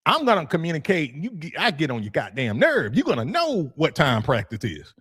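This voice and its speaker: A man hosting a youth football podcast, talking casually in an animated, joking way, laughing often and swearing freely. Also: on the high side, fairly quick, slightly rough. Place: room with his degree on the wall.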